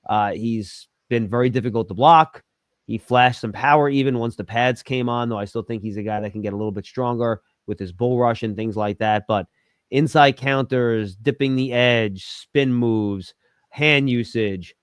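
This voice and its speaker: Football analyst dude on a podcast, calm and analytical, mid pitch, dry sound. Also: male voice, smooth, no echo. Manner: measured, analytical, steady. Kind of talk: interview answers.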